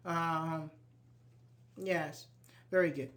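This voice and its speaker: A man's voice: a little high, animated, a little slow, slight background noise. Man teaching a casual grammar class. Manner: explains patiently, acts out irritated example lines. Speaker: English teacher. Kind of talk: live online grammar class.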